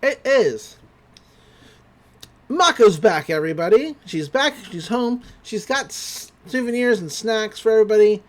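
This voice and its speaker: A man's voice: high-pitched, animated, a little slow. A young man on a podcast, casually recapping an anime episode with loose paraphrased quotes and lots of fillers. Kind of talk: casual chat.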